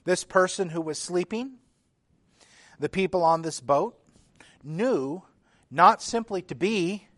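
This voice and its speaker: A man preaching a sermon in a measured, emphatic way, his intensity rising and falling. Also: high-pitched, fairly bright tone, dry recording.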